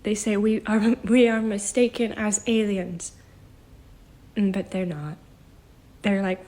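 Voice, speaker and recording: A shaken, emotional woman speaking haltingly as a psychic, often dropping into a whisper. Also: mid-range voice, fairly even intonation, dark tone. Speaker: self-described psychic vlogger. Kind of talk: emotional spoken channeling.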